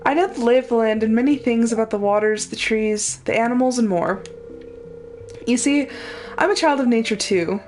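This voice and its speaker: A woman reading aloud the lines of a gentle older man who lives alone in nature, in her own voice. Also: a little high, normal speed, a little hiss or hum, lightly acted.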